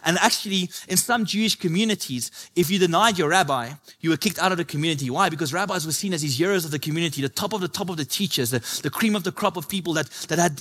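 A man's voice: fairly high pitch, a bit bright. A man preaching a sermon to his church, building his points through impassioned repetition.

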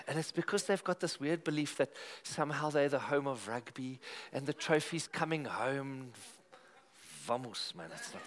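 A man's voice: medium pitch, a bit bright. A South African man preaching at a church service. He chats and jokes with the congregation in an easy, conversational way, then moves into earnest prayer. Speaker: pastor. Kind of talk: sermon opening and prayer to a live congregation.

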